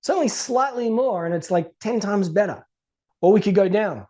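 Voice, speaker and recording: A man teaching business pricing to camera in a casual, animated way, acting out the people in his stories. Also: sits high, moderate pace. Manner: animated storytelling, acts out quoted people. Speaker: business educator.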